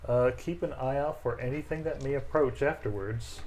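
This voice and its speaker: A man's voice: mid-range voice, normal speed, darkish tone, a little hiss or hum. A man playing a tabletop game, earnest with a wry edge. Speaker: player. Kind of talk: casual tabletop play.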